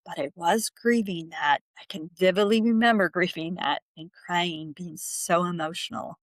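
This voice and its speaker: A woman in her fifties hosting a reflective solo podcast, speaking gently and asking the listener questions. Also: lowish voice, normal speed, dry recording. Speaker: podcast host.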